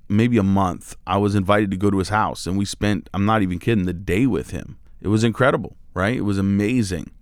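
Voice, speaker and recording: Pastor guy talking a daily devotional, real low voice, chatty and loose. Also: dry recording, studio quality. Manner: casual, conversational preaching with filler words. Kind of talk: devotional sermon.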